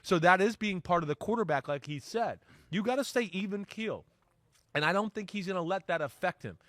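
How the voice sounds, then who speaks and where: A middle-aged man with a fairly high voice breaks down football as an analyst on a sports talk show. He talks in an animated way, slips into quoted voices and keeps tossing in "right?". The sound is close and dry. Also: fairly quick, no echo. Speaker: sports analyst, former NFL player.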